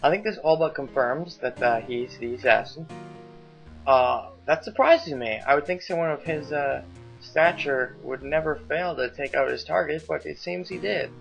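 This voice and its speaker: A man's voice: fairly high pitch, normal speed, creaky, fairly bright tone. A man giving casual, rambling game commentary, hesitating often, in a slightly muffled recording with faint game music behind. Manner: rambling, hesitant, lots of fillers. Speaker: let's play commentator.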